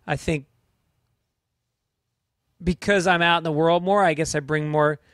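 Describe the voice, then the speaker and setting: A man as a comedian guest in casual chat, thinking out loud and correcting himself. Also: fairly high pitch, steady tone, a little slow, no room sound, studio quality. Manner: thoughtful, correcting himself as he talks.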